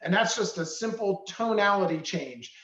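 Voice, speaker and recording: A man teaching real estate agents about tone of voice, animated and acting out examples. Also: high voice, normal speed, reverberant, rough recording. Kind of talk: coaching talk with examples.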